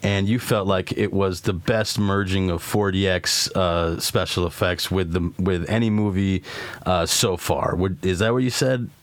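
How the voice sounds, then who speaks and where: A man's voice: low voice, a little slow, no room sound. A man hosting a podcast, chatting casually and swearing freely as he talks over his co-hosts. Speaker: podcast host. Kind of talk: casual chat.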